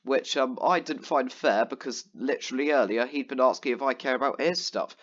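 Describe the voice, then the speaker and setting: A gaming vlogger rants casually over gameplay, telling a long, exasperated story about a gaming friend full of ums and restarts. His mid-range voice is brisk, and the sound is lo-fi.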